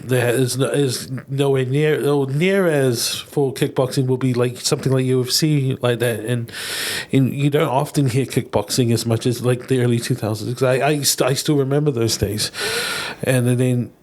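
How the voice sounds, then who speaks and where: A man hosts a casual podcast interview with a middle-pitched voice. He speaks haltingly, restarting his sentences as he gathers his thoughts. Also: a little mellow. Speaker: podcast host.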